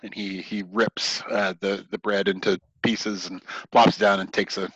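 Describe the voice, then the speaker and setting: A man running a tabletop game as game master, narrating in a halting way with many ums and restarts. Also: fairly low pitch, little pitch movement, a bit bright, husky, no echo, muffled recording.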